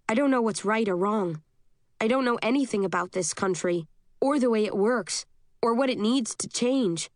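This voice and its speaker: A woman reading a first-person novel aloud as an audiobook narrator, steady and measured. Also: on the high side, no echo, clean studio sound.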